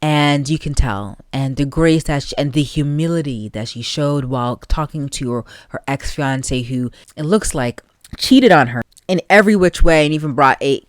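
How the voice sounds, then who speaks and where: A podcast host giving opinionated, animated solo commentary and talking straight to the listeners. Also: medium pitch, dry recording, studio quality.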